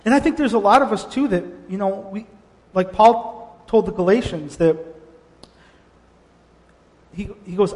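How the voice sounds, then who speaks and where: High-voiced pastor man in a reverberant hall. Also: unhurried, pauses often. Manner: animated storytelling with frequent restarts. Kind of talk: sermon. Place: church sanctuary.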